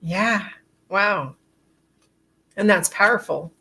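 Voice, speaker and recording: A woman's voice: mid-range voice, slow, sharp tone, husky. A woman hosting a casual interview, speaking in an affirming, reflective and supportive way. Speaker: podcast host.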